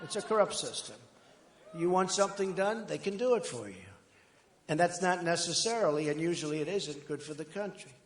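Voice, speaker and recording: With a fairly high pitch and lively intonation, a man running for office speaks fairly quickly to a rally crowd. He boasts, circles back to the same points, and rambles off on side notes. The recording carries the long echo of a large hall.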